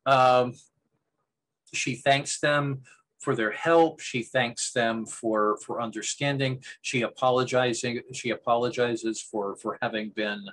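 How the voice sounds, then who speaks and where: Male game master, mid-pitched, rambling conversational narration. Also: fairly even intonation, slow pace, a bit bright, poor audio. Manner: meandering narration with frequent restarts.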